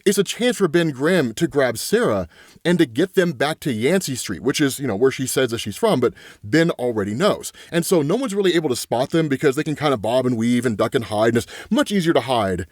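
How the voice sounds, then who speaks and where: Animated man recapping comic stories. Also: mid-range voice, fairly quick, no room sound, studio quality. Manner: animated, tags lines with "right?" and "like"; retells dialogue in his own voice. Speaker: comic book explainer host. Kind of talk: casual comic story recap.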